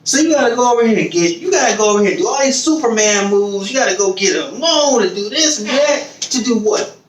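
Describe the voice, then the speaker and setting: A man's voice: high-pitched, animated, fast, roomy sound, far from the mic, rough recording. A man hosting a podcast in casual chat, swearing freely, acting out other people's voices and laughing often. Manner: swears freely, repeats phrases while building a point. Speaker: podcast host.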